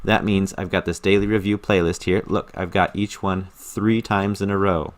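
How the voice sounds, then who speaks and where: Man, somewhat low voice, casual screen-recorded tutorial, earnest and enthusiastic, repeats words for emphasis. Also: steady tone, moderate pace. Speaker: language learner explaining his study method.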